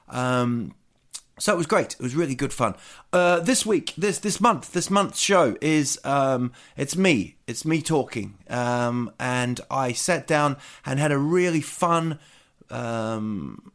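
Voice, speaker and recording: NZ-accented male podcast host, slightly raised pitch, rambling and jokey. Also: a bit bright. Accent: New Zealand. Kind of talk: casual chat.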